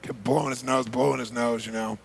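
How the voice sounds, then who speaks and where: Gravelly man telling a seminar story. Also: mid-range voice, fairly quick, slight background noise. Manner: animated storytelling, addresses the audience directly. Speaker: motivational seminar speaker.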